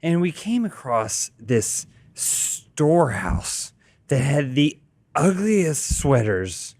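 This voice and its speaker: Man, tabletop player, deadpan rambling delivery, slightly high voice, dry close sound. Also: takes it slowly, no room sound. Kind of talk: in-character role-play.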